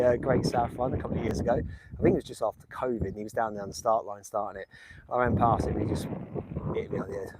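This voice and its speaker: A man's voice: mid-range voice, a little hiss or hum. A man from England live-streaming outdoors on his phone, chatting casually with viewers in a rambling, jokey way. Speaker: livestream host visiting graves. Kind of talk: casual live stream chat reading comments. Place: outdoors, windy village. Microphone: phone held in hand.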